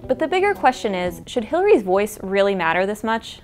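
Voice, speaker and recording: Woman, journalist narrator, scripted explainer voiceover, clear even delivery, medium pitch. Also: brisk, faint music behind.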